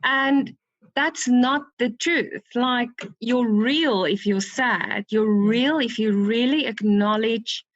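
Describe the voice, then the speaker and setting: A woman speaks as a podcast guest in a fairly high voice. She talks emotionally and warmly, with frequent restarts. Her voice is dry, and the sound is a little dull and muffled. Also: takes it slowly, no echo. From South Africa. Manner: emotional, warm, with many restarts.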